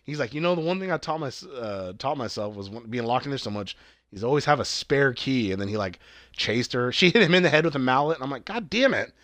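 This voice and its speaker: A man talks loosely through the plot of an episode, full of swearing and restarts. He jumps up in pitch whenever he quotes a character. His voice sits at an ordinary pitch and sounds dry and close, with no room around it. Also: animated, fast, a bit bright, no echo. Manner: rambling and profane, jumping up in pitch to quote characters. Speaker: friend retelling a TV episode. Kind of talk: casual chat.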